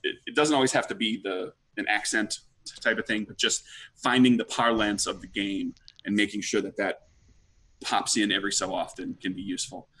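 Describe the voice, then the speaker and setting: A man's voice: fairly low pitch, steady tone, a little fast, pushed and bright, slightly rough. A man guest chatting casually, rambling with many fillers. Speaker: guest, podcaster. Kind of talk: casual chat.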